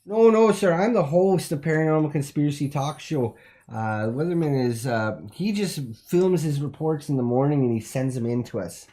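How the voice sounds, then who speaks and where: A man's voice: fairly high pitch, expressive, moderate pace, warm tone. A man hosting a comedic call-in talk show with a theatrical, exaggerated announcer delivery.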